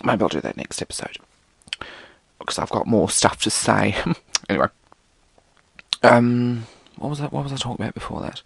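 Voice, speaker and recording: A man's voice: mid-range voice, lively intonation, moderate pace, gravelly, pauses often, husky, no echo. A British man hosting a solo podcast, rambling casually and theatrically, swearing often. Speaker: podcast host.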